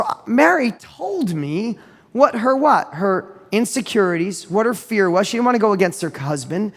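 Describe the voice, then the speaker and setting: Emphatic high-voiced man giving a motivational talk. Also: long reverb tail. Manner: emphatic, repeats phrases for effect. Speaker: business speaker.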